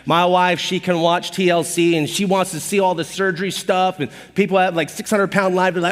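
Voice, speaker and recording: A man preaching a sermon as pastor, telling personal stories in an animated, conversational, self-deprecating way. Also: sits high, a little fast, few pauses. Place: church auditorium stage. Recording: long hall reverb.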